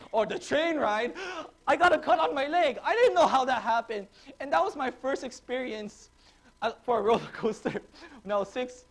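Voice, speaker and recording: A man, a pastor, preaching a sermon to a congregation, telling stories in an animated way and laughing often. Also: extremely high pitch. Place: church, before a congregation.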